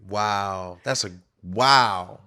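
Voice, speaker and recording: Brief: male host, low pitch, slow, unhurried short affirmations. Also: sharp tone. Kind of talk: interview listening.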